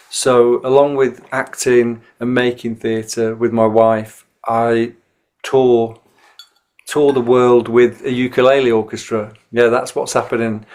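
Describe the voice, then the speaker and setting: A man's voice: mid-range voice, a little mellow. Self-deprecating northern English man reminiscing. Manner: reflective, self-deprecating storyteller. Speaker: actor and musician, interview guest. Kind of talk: casual interview recollection.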